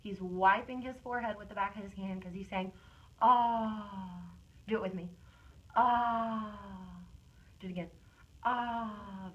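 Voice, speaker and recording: A woman reading teacher giving a one-on-one phonics lesson, stretching out sounds slowly and praising often, recorded on a phone camera. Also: mid-range voice, dull audio. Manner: slow, drawn-out modeling of sounds and words; encouraging praise.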